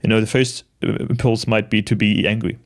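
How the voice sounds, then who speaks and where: A man in his late twenties talking to the camera in a casual, reflective monologue, gentle and halting, with many restarts and soft laughs. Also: lowish voice, little pitch movement. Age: late 20s. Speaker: vlogger.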